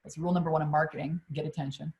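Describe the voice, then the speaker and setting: A middle-aged woman coach on a live stream, telling a personal story in an animated, blunt way and swearing freely. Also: sits low, very fast, lo-fi sound. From Quebec, Canada.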